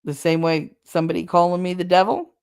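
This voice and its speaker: A woman's voice: on the low side, steady tone, fairly quick, gravelly, a little mellow, clean tone. A middle-aged woman chatting casually on a live stream, candid and wry, venting with sarcastic asides. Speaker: streamer hosting a chat.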